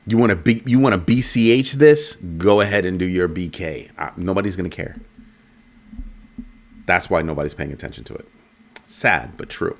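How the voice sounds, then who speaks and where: A man hosting a casual crypto commentary show, animated and jokey, repeating his points. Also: deep voice, fairly quick. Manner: animated, repetitive, jokey asides.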